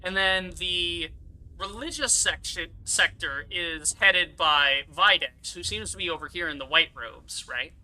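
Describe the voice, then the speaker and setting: A man's voice: sits high, unhurried, sharp tone. A man giving casual, rambling gameplay commentary, laughing often and swearing freely. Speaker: gaming streamer.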